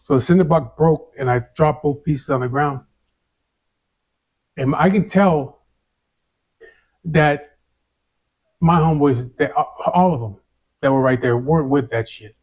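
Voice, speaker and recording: A man's voice: a little high, unhurried, long pauses, lo-fi sound. A man telling a first-person story in casual street slang, swearing and saying "you know" a lot.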